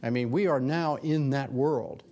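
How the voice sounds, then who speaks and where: An older man, a former news anchor, speaking as a guest author at a Q&A, conversational with many restarts and lively quoted asides. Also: mid-range voice, a little slow. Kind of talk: lecture Q&A talk.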